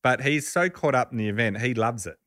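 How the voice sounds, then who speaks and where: A man's voice: mid-range voice, a little fast, fairly bright tone, dry recording, clean studio sound. A man hosting a podcast, telling a story in a casual, chuckling, conversational way.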